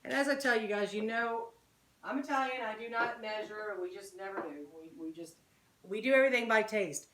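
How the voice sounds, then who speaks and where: A woman's voice: medium pitch, fairly quick, a bit bright, slight background noise. Chatty woman cooking in an echoey kitchen. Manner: chatty, talks straight to viewers as "guys" and "y'all". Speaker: home cooking channel host. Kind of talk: casual cooking demonstration. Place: home kitchen.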